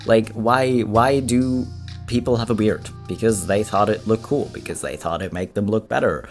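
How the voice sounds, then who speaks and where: A host giving casual commentary on reaction clips, rambling with many filler words. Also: male voice, fairly low pitch, moderate pace, soft background music.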